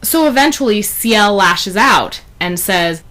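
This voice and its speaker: A woman's voice: medium pitch, lively intonation, takes it slowly, sharp tone. A woman giving a casual, rambling spoken review of a story chapter, full of fillers and asides. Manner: chatty, rambling, many fillers like "you know". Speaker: fan fiction reviewer.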